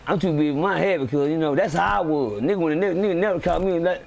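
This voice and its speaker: A man telling a street story on a live stream, animated and acting out the voices of the people in it. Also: on the high side, racing, vocal fry. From Texas. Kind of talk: casual storytelling.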